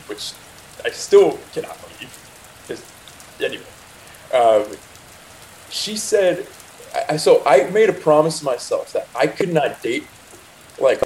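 A man's voice: fairly high pitch, a little mellow, a little hiss or hum, low-quality recording. Rambling young man telling a story. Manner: rambling, frequent restarts and asides, quotes himself. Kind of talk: casual personal anecdote.

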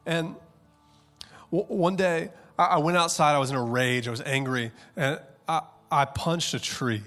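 A man in his thirties preaching a sermon with passion, dropping to hushed tones and then rising to loud, urgent peaks. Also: a little high, a little slow, faint music behind. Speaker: pastor.

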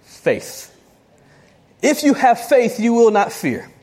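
Woman preacher, sermon delivery, animated and conversational, quick asides. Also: on the high side.

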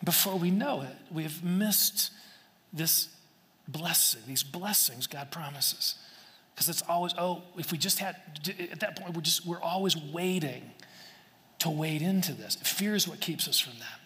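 Pastor, male, somewhat high voice; earnest, chatty sermon delivery with restarts; long hall reverb. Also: measured pace, bright, forceful tone. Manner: earnest, conversational, with repeated phrases and restarts. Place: church sanctuary. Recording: long echo of a large hall.

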